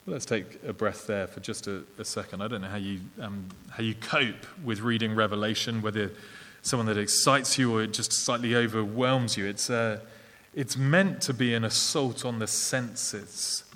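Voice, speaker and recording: A man with an English accent preaching a sermon, earnest and measured, with small fillers and restarts. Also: lowish voice, a bit bright. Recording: long reverb of a large hall.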